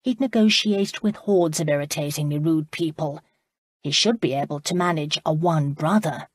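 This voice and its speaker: A woman narrating an audiobook in a steady, even storytelling manner. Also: low voice, normal speed, husky, dry recording. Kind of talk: scripted narration.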